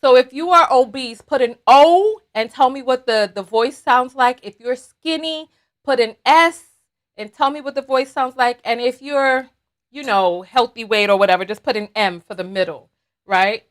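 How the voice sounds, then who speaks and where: A woman hosts a livestream of commentary chat, talking animatedly and directly to her viewers. Her voice is high-pitched and her speed is normal.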